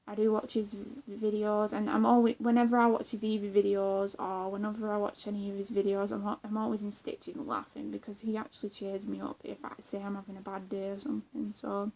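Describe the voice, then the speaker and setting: A woman's voice: mid-range voice, little pitch movement, brisk, vocal fry, few pauses, a little mellow. Rambling, giggly young woman. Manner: rambling, giggly, many fillers and restarts. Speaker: vlogger. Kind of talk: casual chat.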